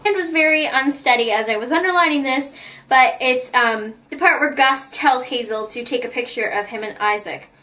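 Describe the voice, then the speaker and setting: A woman's voice: on the high side, sharp tone, distant mic. A woman vlogger chatting in a gushing way about the notes she wrote in a book, often laughing. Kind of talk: casual chat, reading out her notes.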